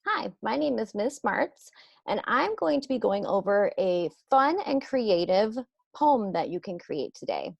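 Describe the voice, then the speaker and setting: A woman teacher walks young children through a lesson, slowly and patiently. Her voice has a gravelly, fry-tinged edge. The sound is close and dry, with no room around it. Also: mid-range voice, big pitch swings, no echo, muffled recording. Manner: slow, patient, explaining step by step.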